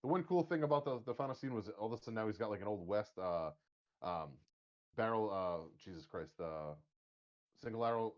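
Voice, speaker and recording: A man's voice: on the low side, expressive, lo-fi sound. A man co-hosting a podcast, rambling with many restarts in casual talk about a movie. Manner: rambling, halting, many fillers. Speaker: podcast co-host.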